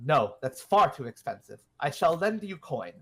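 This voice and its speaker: A man's voice: fairly high pitch, big pitch swings, normal speed, creaky, bright, forceful tone, breathy edge, exaggerated voice. A man voicing a haughty, formal rich patron in a tabletop game. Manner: formal, stiff.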